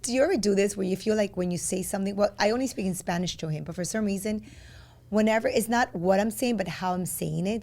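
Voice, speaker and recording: A woman's voice: medium pitch, darkish tone. A young woman co-hosting a casual podcast chat, rambling and full of restarts and laughs. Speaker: podcast co-host.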